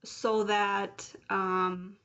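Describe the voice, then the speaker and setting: A woman's voice: medium pitch, level tone, drawn-out words, fairly bright tone. A woman in her late thirties, speaking rawly and emotionally in a personal vlog, with flashes of anger. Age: late 30s. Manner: raw, emotional, angry and confessional. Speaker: vlogger. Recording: dull lo-fi sound.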